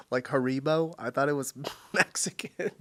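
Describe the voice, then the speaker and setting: A man's voice: a little high, a little slow, a bit bright. American man, casual reaction host, plainly amazed. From United States. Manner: amazed, chatty, laughs at himself.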